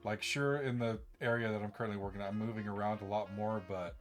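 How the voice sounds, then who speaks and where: A man streaming live, chatting loosely to his viewers in a relaxed, rambling way with frequent restarts. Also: fairly low pitch, a little fast, soft background music. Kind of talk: casual live-stream chat.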